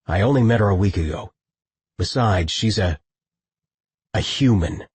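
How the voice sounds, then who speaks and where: A man playing a gruff, defensive lieutenant. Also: on the low side, normal speed, darkish tone, no echo. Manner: curt, gruff, commanding. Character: gruff wounded male lieutenant, proud and defensive. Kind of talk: audiobook character voice.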